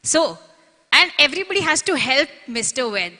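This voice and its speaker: A woman's voice: high voice, big pitch swings, normal speed, pushed and bright. A woman working as an event emcee, upbeat and engaging the audience with calls for applause. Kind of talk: lively stage hosting. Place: large convention hall. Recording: long reverb from a large hall.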